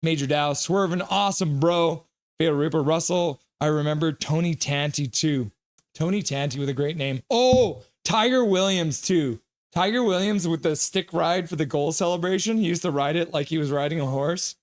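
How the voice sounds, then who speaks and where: A young man hosting a live hockey reaction stream, chatting casually, reading chat aloud and whooping with excitement. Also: on the high side, normal speed.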